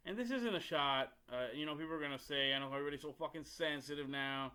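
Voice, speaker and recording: Blunt, foul-mouthed podcast host, bright voice. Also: male voice, a little high, fast talker, hardly any pauses, clean tone. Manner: blunt, profane, rambling with restarts. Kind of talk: casual storytelling monologue.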